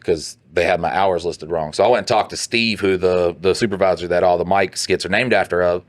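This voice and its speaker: Profane, animated low-voiced man. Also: fairly quick. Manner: profane, animated storytelling with put-on quoted voices. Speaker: podcast co-host. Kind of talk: casual storytelling chat.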